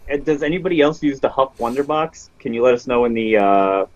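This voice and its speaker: Animated and brisk, a mid-range male voice co-hosts a laid-back paranormal podcast from a remote call, with crowd noise audible and a muffled connection. He goes through news and viewer comments sounding dry and exasperated.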